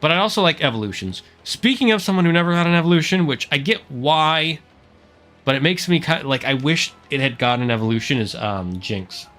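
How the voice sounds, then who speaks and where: A man's voice: on the high side, animated, a little fast, a bit bright, faint music behind. A man streaming a game with live, chatty, self-deprecating commentary.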